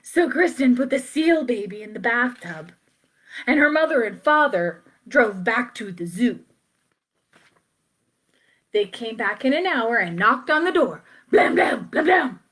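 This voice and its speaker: A woman reading a children's picture book aloud, playful and expressive, with asides to her young listeners. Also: a little high, measured pace. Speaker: children's story reader.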